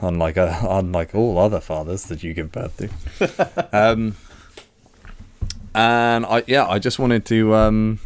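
A man's voice: on the low side, steady tone, takes it slowly, long pauses. A man on a podcast asking questions in a casual, hesitant way, full of ums and restarts. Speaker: podcast co-host.

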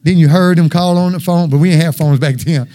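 A man preaching a folksy, animated sermon in church, talking straight to the congregation and acting out voices and sounds. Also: fairly high pitch, brisk.

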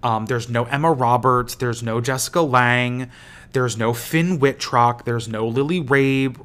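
Man, podcast host, casual chat, rambling, profane, middle pitch. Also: fairly even intonation, unhurried, fairly bright tone.

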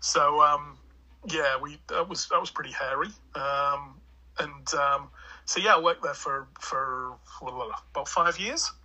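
A man in his forties with an English Hull accent, chatting as an interview guest. His voice is strongly forceful and husky. He rambles along with many fillers and restarts. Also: on the high side, a little slow, highs cut off. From England (Hull). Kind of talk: casual chat.

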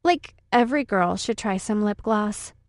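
A woman's voice: mid-range voice, animated, moderate pace, no room sound, studio quality, natural voice. A woman voicing a vain schoolgirl who peppers her smug diary talk with "like.". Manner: valley-girl "like" fillers, smug. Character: vain, catty schoolgirl diarist. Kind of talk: audiobook reading.

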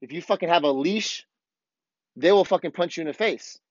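A man's voice: a little high, fairly quick, darkish tone, no room sound, dull audio. Fired-up, profane podcast host, a man. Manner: blunt, profane, fired-up ranting. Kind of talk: casual monologue.

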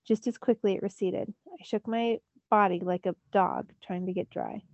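A woman's voice: mid-range voice, fairly even intonation, moderate pace, a little mellow, no room sound, lo-fi sound. A teacher reading a novel aloud to her students, narrating expressively in the first person. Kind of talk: storybook read-aloud.

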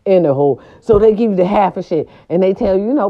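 A woman's voice: medium pitch, animated, fast, lo-fi sound. A woman telling a story in a casual vlog, blunt and profane, talking straight to her viewers.

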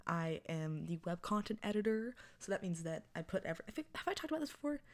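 A woman's voice: medium pitch, sing-song, fast talker. A woman in her early twenties hosting her own podcast in casual chat, rambling and self-mocking, laughing often. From Texas. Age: 20s. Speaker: podcast host.

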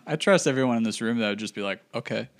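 A man's voice: mid-range voice, rapid-fire. A young man from Wisconsin telling stories in casual chat, rambling with lots of fillers. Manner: rambling, filler-heavy storytelling. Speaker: church staff member.

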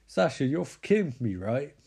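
A man's voice: medium pitch, very animated, moderate pace, vocal fry, mellow, breathy edge, heavily acted. A man voicing a confused, exasperated young man from a horror film. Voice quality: flustered, exasperated.

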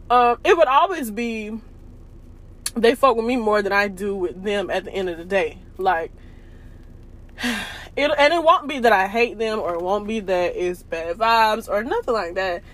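A young woman hosting a podcast, talking in a chatty, slangy way with frequent laughter. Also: mid-range voice. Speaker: podcast host. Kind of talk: casual chat.

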